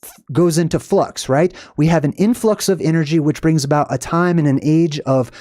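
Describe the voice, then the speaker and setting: A man's voice: fairly high pitch, moderate pace, warm tone, no room sound, clean studio sound. A man hosting his own channel, explaining lore in a casual livestream lecture, rambling with many "um"s and asking "right?" to check in. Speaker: channel host.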